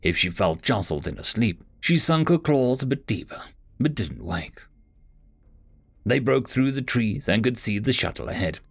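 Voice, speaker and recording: Male storyteller with a lively, gravelly read and no room sound. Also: medium pitch, normal speed, dry recording. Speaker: narrator. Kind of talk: audiobook narration.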